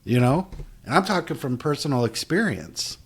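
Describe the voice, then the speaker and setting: A man's voice: mid-range voice, big pitch swings, normal speed, husky. A man co-hosting a podcast, talking bluntly and with animation about spiritual principles, using salty language. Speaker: podcast co-host. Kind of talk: casual spiritual recovery talk.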